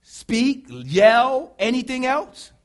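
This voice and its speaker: Animated man preaching with lively pitch. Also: very slow. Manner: animated call-and-response preaching, bursts into shouts. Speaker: pastor. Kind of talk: sermon.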